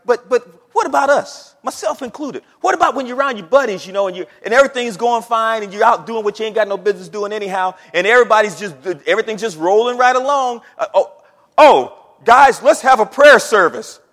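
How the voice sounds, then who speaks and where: A man's voice: high-pitched, fast talker, hardly any pauses, fairly bright tone, long reverb tail. A man preaching a sermon in a conversational way, calling out to the congregation. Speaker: pastor.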